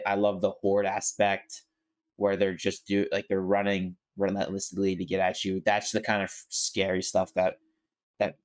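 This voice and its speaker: A man talking casually on a podcast, reviewing a movie with lots of fillers, restarts and apologies. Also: on the low side. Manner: rambling, frequent fillers and self-corrections. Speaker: podcast co-host reviewing a film. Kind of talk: casual chat.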